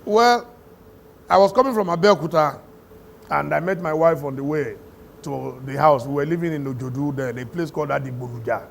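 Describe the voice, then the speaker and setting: A man's voice: a little high, fairly quick, gravelly, slight background noise. A middle-aged Nigerian man with a Nigerian accent, a talk show guest telling stories with frequent laughter. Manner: laughs through his stories, animated. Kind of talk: storytelling conversation.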